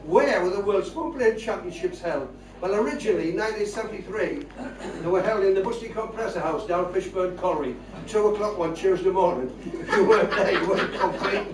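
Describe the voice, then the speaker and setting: A man's voice: high voice, fairly quick. An older man with a Northeast English accent telling comic stories to a live crowd, chatty and laughing at his own jokes. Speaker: comic storyteller and spoon player. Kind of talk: stand-up storytelling to a live crowd. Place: hall with live audience. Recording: roomy hall mic from far off, crowd.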